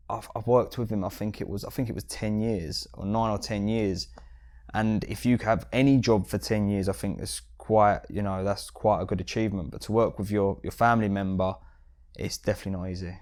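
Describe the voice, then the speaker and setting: London guy telling shop stories on a podcast, lowish voice, gets animated. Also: normal speed. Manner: animated storyteller, mimics customers with sudden high bursts. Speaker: jewellery shop owner, guest. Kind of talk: casual podcast chat.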